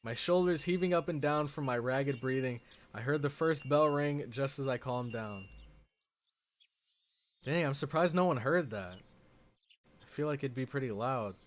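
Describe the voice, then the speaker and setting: Male streamer, mid-pitched, chatty and excitable, reads game text and riffs on it. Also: a little slow, pauses often. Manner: chatty, excitable, with frequent "like" fillers. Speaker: streamer playing a visual novel. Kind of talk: reading game text aloud with casual commentary.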